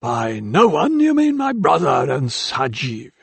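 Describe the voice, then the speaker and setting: A measured, tactful young doctor, as a male narrator voices him in an audiobook. The voice stays near the narrator's own, with a gravelly grain. The sound is dry and close. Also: medium pitch, animated, no echo.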